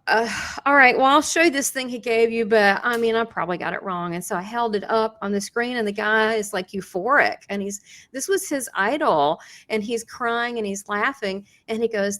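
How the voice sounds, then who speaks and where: A woman with a mid-pitched voice tells a story in an interview. She talks in a lively, animated way. She acts out the quoted dialogue and laughs often. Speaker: psychic medium and show host.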